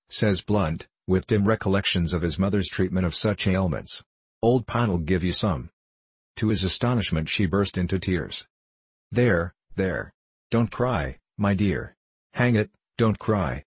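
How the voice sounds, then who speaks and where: A man reading a classic novel aloud as a narrator, in a measured, even manner and lightly voicing the characters' dialogue. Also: low-pitched, slightly rough, no room sound. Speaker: audiobook narrator.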